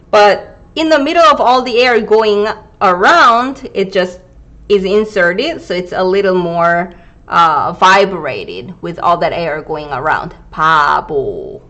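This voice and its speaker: A woman in her thirties with a Gyeongsang Korean accent, teaching a live online language lesson and drilling pronunciation slowly and carefully. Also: medium pitch, expressive, a bit bright. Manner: slow, careful pronunciation drills, reading viewer comments.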